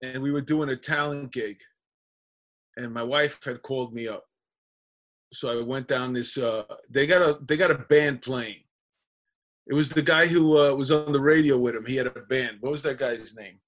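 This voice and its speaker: A man's voice: mid-range voice, normal speed. A man, an actor guest on a podcast, telling rambling, profane anecdotes in casual chat.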